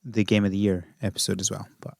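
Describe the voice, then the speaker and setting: A man's voice: on the low side, level tone, fast, gravelly, no room sound. A man co-hosting a casual podcast chat, wry and dry in his humour, talking into a close mic. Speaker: podcast co-host.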